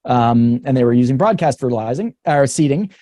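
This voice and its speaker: Candid Canadian man, mellow dry voice. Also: mid-range voice, animated, a little fast, no echo. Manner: frank, thinking aloud with many restarts; laughs between points. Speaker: researcher guest. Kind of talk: webinar conversation.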